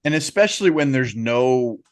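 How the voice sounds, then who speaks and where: A man's voice: medium pitch, lively intonation, normal speed. A man co-hosting a podcast, who is also a ballplayer, talking emphatically, with casual swearing and many filler words.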